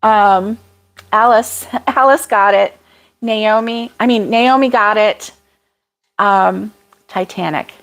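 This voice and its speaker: A woman's voice: fairly high pitch, a little slow. A woman hosting a casual livestream chat, chatty and apologetic, laughing often as she reads viewer comments. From United States.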